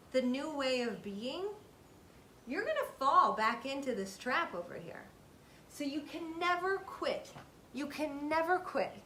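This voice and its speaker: A woman's voice: high-pitched, fairly bright tone, a little hiss or hum. A woman in her thirties giving a casual motivational talk to her viewers, earnest and emphatic, repeating phrases for stress. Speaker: self-help video host.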